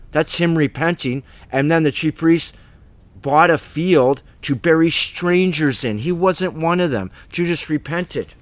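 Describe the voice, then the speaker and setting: A man's voice: medium pitch, a bit bright. A man teaching the Bible in an informal, emphatic way, rambling with restarts and asides.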